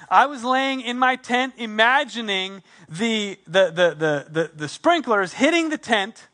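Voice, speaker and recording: High, bright-voiced man preaching a story. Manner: animated storyteller, quick asides, acts out his own thoughts. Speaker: pastor. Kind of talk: sermon with personal storytelling.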